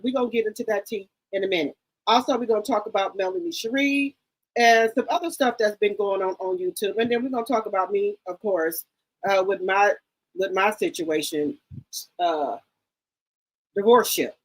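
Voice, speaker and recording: A woman hosting a casual live stream who greets viewers by name with repeated hellos and chats in a gossipy, excitable way. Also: medium pitch, low-quality recording. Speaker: live-stream commentary host.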